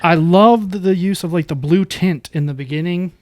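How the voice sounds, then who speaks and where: Enthusiastic man with a slightly high voice. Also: moderate pace, a little mellow, no echo, studio quality. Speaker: podcast co-host. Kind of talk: casual movie review chat.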